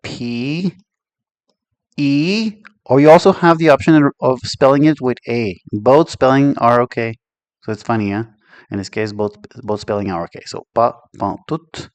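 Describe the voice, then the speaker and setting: A man's voice: mid-range voice, a little slow, dry recording. Joking man with a Quebec French accent. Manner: chatty and joking, laughs often, switches between English and French. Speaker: language teacher. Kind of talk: casual online language lesson.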